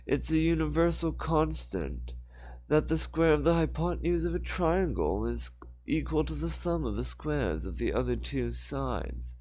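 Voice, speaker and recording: A man voicing a pedantic male mayor who lectures slowly and at length, in a raised voice. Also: on the high side, a little mellow, voice pushed up, rough recording. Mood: lecturing.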